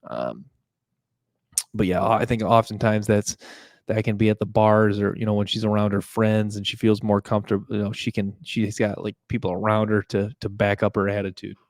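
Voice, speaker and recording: Young male podcast host, low and monotone, rambling casual talk, dry close mic. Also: normal speed, no room sound. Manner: rambling, full of fillers and restarts. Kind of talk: casual monologue.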